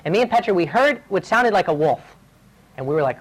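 A man's voice: high-pitched, big pitch swings, quick pace, poor audio. Male preacher, sermon voice, earnest storytelling, urgent delivery. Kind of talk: sermon with personal stories.

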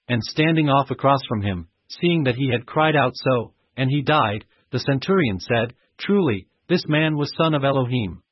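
A man giving a steady, measured reading of scripture. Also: medium pitch, breathy edge, no room sound. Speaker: scripture reader. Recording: muffled dry recording.

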